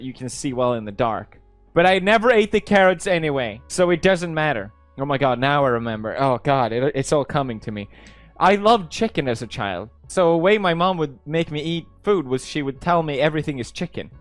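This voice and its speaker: A man's voice: a little high, dry recording. A young man from Sweden reading posts aloud in casual commentary, sarcastic and playful, laughing often.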